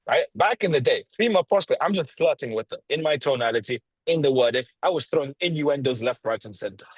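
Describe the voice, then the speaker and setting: A man coaching on a video call, talking bluntly and swearing freely, with a lively tonality, deliberate pauses and stressed words. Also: medium pitch, slightly rough, no echo, low-quality recording. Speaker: sales coach.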